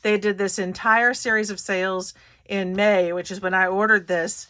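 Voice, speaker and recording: A woman's voice: medium pitch, steady tone, normal speed, bright, forceful tone. A woman hosting her craft channel, chatting casually and giggling through a paper haul with lots of fillers. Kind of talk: casual haul video chat.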